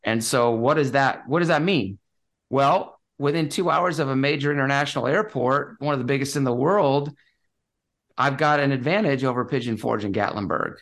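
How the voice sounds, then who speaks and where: A man's voice: mid-range voice, moderate pace, fairly bright tone. A man, a real estate investor guest, talking casually and enthusiastically, with lots of fillers and restarts. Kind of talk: casual interview talk.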